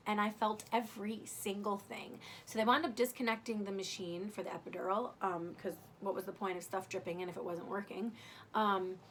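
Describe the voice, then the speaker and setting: A woman's voice: medium pitch, sharp tone, slight background noise. A young adult woman casually telling the story of giving birth, chatty and candid, full of "like" and the odd swear. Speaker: new mother telling her birth story.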